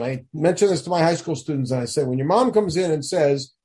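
A man leads a text study lesson, talking with emphasis and throwing questions at his listeners. His voice sits high and swings widely in pitch. The tone is mellow and a little husky. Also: lively intonation, a little fast, few pauses. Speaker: Torah teacher.

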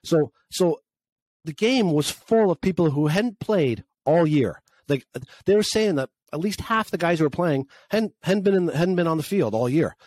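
A man's voice: a little high, animated, moderate pace, darkish tone, no room sound, studio quality. A man from Canada co-hosting a casual chat, rambling and complaining about sports with frequent restarts. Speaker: podcast co-host.

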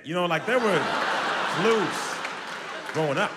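A man doing an animated stand-up comedy routine with playful crowd work, loud and lively, recorded live on stage. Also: sits high, measured pace, heavy background noise. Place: live show venue with audience. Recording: live stage mic, hall echo, crowd laughter.

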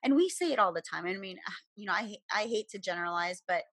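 Woman co-host, casual podcast chat, candid and lively, dry close sound. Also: medium pitch, fast talker, dry recording. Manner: candid, animated, swears when quoting herself.

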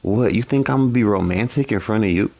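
A man voicing his gruff, proud, middle-aged Caribbean father, with a Caribbean accent and blunt, matter-of-fact retorts. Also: lowish voice, fast, a little mellow.

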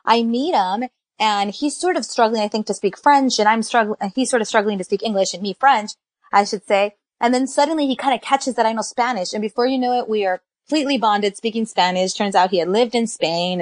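A woman's voice: a little high, brisk, no room sound. A woman co-hosting a casual podcast chat, talking with enthusiasm and dropping in Spanish phrases. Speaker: podcast co-host.

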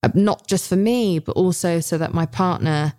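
Low-voiced woman in her 30s, blunt and sweary, chatty co-host telling stories. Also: moderate pace. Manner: frank and swearing, animated storytelling. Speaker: podcast co-host. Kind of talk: candid casual chat.

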